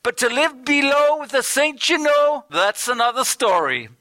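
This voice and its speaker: A man's voice: extremely high pitch, sing-song, normal speed, pushed and bright, no echo, voice pushed up, heavily acted. A man putting on an Irish accent to play an older Irish preacher reciting a rhyming saying in a sing-song way. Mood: wry.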